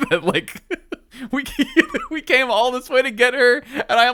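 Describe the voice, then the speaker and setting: A man's voice: high-pitched, huge pitch swings, normal speed, pushed and bright, clean tone. A man streaming a game with casual, giggly commentary, swearing and voicing characters. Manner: giggly, swears, voices characters between remarks. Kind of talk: casual let's-play commentary.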